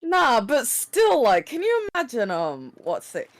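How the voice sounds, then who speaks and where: Young woman, talks slow, pitch all over the place, laughing along. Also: huge pitch swings. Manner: reacts with laughs and disbelief. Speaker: listener, co-host. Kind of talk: casual chat.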